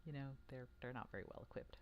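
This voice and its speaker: A dungeon master narrating a tabletop game live, talking in a halting way with many fillers and restarts. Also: medium pitch, muffled recording.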